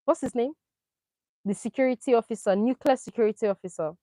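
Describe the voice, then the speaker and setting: A woman talks through a reality dating show in a lively, opinionated way, throwing out rhetorical questions as she reacts. Her voice sits a little high. The recording is dry and close, with no room sound. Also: quick pace, no room sound, poor audio. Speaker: reality TV commentator. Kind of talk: casual chat.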